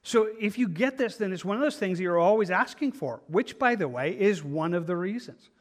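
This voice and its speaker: A man's voice: high-pitched, animated, brisk. A man teaching a Bible study in an earnest, conversational way, often restarting his phrases. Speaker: pastor.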